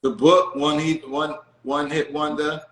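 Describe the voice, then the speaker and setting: A man's voice: fairly high pitch, flat delivery, measured pace, fairly bright tone. A man hosting a live interview show, chiming in with laid-back, teasing remarks. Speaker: show host. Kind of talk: livestream interview. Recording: echoey room.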